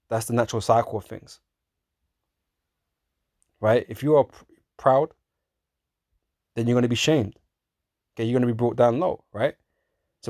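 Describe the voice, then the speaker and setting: A man's voice: medium pitch, animated, darkish tone, dry recording, clean studio sound. Casual, profane male street preacher. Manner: casual and profane, laughs often, addresses listeners as man and bro; reads scripture slowly in old-fashioned wording. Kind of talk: street-style sermon, reading scripture.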